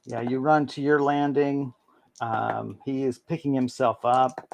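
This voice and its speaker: A man narrating a tabletop game as game master, halting and full of ums. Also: medium pitch, little pitch movement, gravelly, lo-fi sound.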